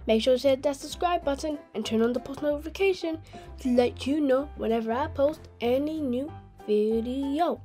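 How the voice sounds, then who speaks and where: A woman hosting a channel and reading a children's story aloud in a gentle, clear way. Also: high-pitched, normal speed, soft background music. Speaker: host and storyteller.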